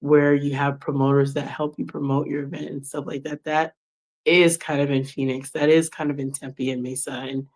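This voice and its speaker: A woman in her forties speaks in a low, gravelly voice. She hosts her own podcast in a casual, reflective late-night chat. She acts out the conversations she remembers as she goes. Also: level tone, moderate pace, darkish tone. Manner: casual, chatty, acts out quoted exchanges. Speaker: podcast host.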